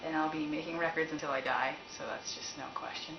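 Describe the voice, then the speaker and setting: Low-voiced woman from Canada, candid and giggly, roomy, muffled, noisy room sound. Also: fairly even intonation, fairly quick. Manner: laughs often, rambling and candid. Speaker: musician answering fan questions. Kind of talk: casual chat. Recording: roomy, dull, noisy recording.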